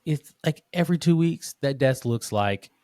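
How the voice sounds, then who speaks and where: A man hosting a casual podcast interview, telling rambling, animated stories with lots of restarts. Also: a little high, moderate pace, dry recording, studio quality. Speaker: podcast host.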